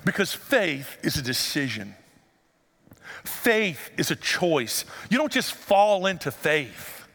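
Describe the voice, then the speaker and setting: A male pastor giving an animated sermon in a church sanctuary and asking the congregation rhetorical questions. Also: fairly high pitch, slow. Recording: long hall reverb.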